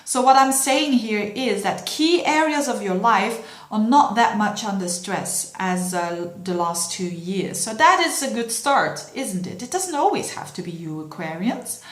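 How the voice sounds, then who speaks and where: A woman's voice: medium pitch, lively intonation, unhurried, hardly any pauses. A middle-aged woman from Belgium, an astrologer giving a yearly horoscope in an earnest, encouraging way, speaking straight to her viewers. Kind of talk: yearly horoscope talk to camera. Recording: roomy echo.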